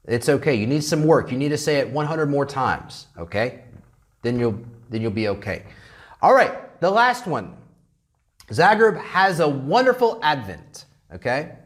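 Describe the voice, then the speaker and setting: A man teaching an English grammar lesson, drilling phrases and checking in with "okay?" over and over. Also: medium pitch. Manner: repeats phrases slowly to model pronunciation.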